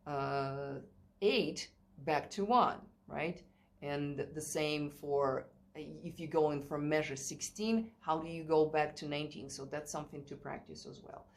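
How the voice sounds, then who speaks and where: A woman's voice: on the low side, slight background noise. A woman teaching a play-along piano lesson in a chatty way, thinking aloud and singing rhythms. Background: piano playing.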